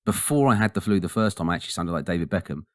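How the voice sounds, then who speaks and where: A man co-hosting a podcast in casual, joking chat, his voice husky after the flu. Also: low voice, animated, rapid-fire, no room sound, clean studio sound. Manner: joking, laid-back banter. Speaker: podcast co-host.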